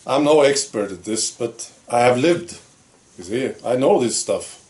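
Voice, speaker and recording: A man's voice: mid-range voice, lively intonation, unhurried, darkish tone. A man hosting his own opinion vlog, talking in a blunt, sarcastic, plain-spoken way. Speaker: channel host.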